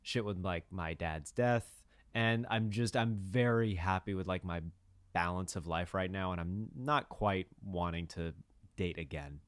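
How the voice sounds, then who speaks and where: In a low voice that moves a little slowly, a young man co-hosts a podcast with no echo on the audio. He chats casually and jokingly, wandering off track with plenty of fillers and restarts.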